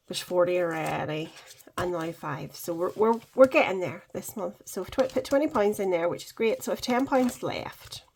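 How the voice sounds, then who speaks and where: A woman's voice: mid-range voice, a little mellow, a little hiss or hum, poor audio. Chatty woman counting cash aloud. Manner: chatty, counts money aloud, self-correcting. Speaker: budgeting vlogger. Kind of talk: casual cash-stuffing vlog.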